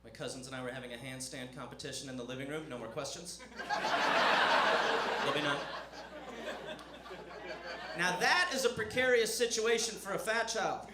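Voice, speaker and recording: High lively guy doing standup, self-mocking, echoey club with crowd noise. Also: moderate pace, pauses often. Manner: animated, self-mocking storytelling. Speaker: stand-up comedian. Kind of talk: stand-up set. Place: comedy club stage.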